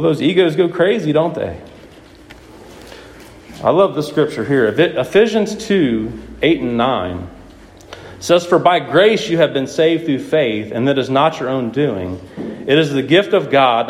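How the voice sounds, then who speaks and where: A man with a medium-pitched voice preaches a sermon, repeatedly questioning his listeners and driving his points home in a lively, emphatic way. There's a slight hiss or hum, and the room is echoey with faint ambience.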